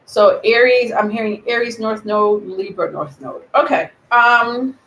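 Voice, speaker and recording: A woman giving a live tarot reading, rambling and thinking aloud with many pauses and ums. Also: mid-range voice, a bit bright, slight background noise. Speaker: tarot reader. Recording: roomy echo.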